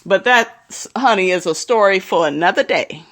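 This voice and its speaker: A woman talks straight to her viewers in a casual commentary vlog. She is blunt and outspoken. Her delivery is frank and direct, and her pitch sits in an ordinary middle range. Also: expressive, moderate pace, fairly bright tone. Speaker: commentary vlogger.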